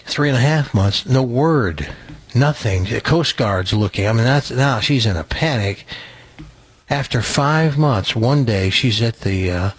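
A man hosting a radio show, telling a long joke in a folksy, animated way. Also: medium pitch, a little slow, breathy edge. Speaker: radio host. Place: radio studio. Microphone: studio mic.

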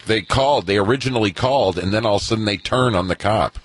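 A male radio co-host speaking casually and haltingly. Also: on the low side.

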